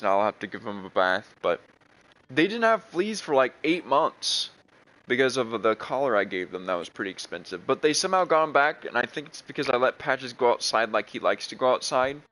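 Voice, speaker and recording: A man's voice: medium pitch, big pitch swings, moderate pace, a bit bright, low-quality recording. A young man chatting casually while playing a video game, rambling with many restarts. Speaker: gaming streamer.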